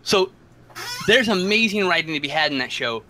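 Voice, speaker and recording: A man's voice: a little high, animated, moderate pace, pushed and bright, slight background noise, poor audio. A man in a casual chat, blunt and sarcastic, swearing freely.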